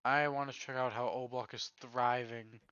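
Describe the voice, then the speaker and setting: A man's voice: medium pitch, fairly even intonation, normal speed, a bit bright, clean tone, no room sound, lo-fi sound. A young man playing games with a friend on a livestream, talking bluntly and swearing a lot. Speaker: co-player on stream. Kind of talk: casual gaming chat.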